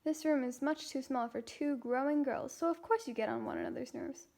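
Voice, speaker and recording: A calm, practical storybook mother, as a young woman reads her lines aloud. She speaks gently and plainly, in a high voice, from a children's chapter book read aloud. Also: a little fast.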